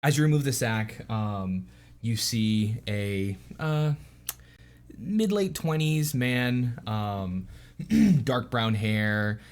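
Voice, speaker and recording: A man narrates a tabletop game as its game master in a lowish voice. He talks very slowly and stops often to fill gaps with ums and uhs. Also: lively intonation, a little mellow. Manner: halting, full of ums and uhs.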